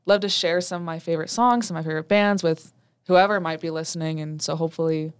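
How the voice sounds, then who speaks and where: A woman's voice: low voice, steady tone, fast talker, clean tone, dry recording. A young woman co-hosting a student radio podcast, chatting casually and laughing often. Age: young adult.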